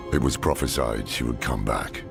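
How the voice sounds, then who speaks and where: An actor playing a gruff, weary older male druid mentor in a video game, speaking gravely and with measured weight. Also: extremely low pitch, full character voice. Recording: game dialogue under loud music.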